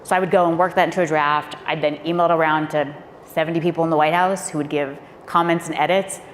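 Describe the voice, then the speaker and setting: A woman's voice: low-pitched, fairly even intonation, fast, a little hiss or hum. A woman, a former speechwriter, telling stories on a panel in a candid, emphatic way. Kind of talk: panel discussion storytelling. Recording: echoey hall with faint ambience.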